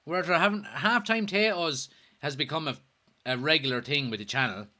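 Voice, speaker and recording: A man's voice: fairly high pitch, a little fast, sharp tone. An Irish man hosting a casual football watchalong livestream, joking, swearing and reading viewer comments aloud. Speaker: host.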